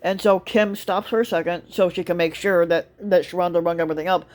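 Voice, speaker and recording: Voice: medium pitch, fairly even intonation, brisk, darkish tone. A store cart attendant telling a work story in a casual monologue, rambling with lots of fillers, restarts and swearing.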